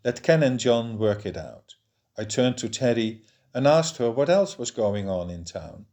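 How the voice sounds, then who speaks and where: A man narrating a novel in a steady, measured reading voice. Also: mid-range voice. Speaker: audiobook reader.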